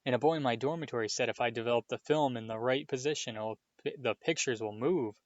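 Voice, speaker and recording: A man's voice: mid-range voice, fast talker, no room sound, close to an everyday voice. A man voicing an eager, starstruck young boy wizard who talks breathlessly and hopefully. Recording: dull, dry lo-fi recording.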